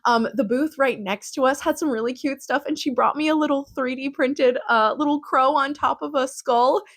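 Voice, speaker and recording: A woman's voice: high-pitched, expressive, brisk, a bit bright. Young adult woman, casual vlog recap, chatty and laughing often. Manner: chatty, giggly, lots of fillers. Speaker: vlogger.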